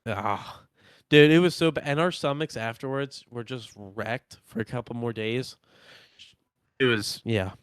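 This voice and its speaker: A young man co-hosting a podcast, telling a story in animated casual chat and acting out what people said. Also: mid-range voice, a little slow, clean tone, dry recording. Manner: animated, acts out quotes of himself and others. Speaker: podcast co-host.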